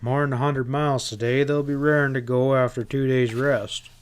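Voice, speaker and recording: A male narrator voicing Pat, a steady, level-headed cowboy gunman who talks firmly and tersely. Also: medium pitch, normal speed, clear, resonant tone, lightly acted.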